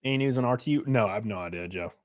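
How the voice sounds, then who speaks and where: A streamer host with a lowish voice talks very fast, ranting bluntly and profanely while reading chat messages aloud in a casual live-stream reaction.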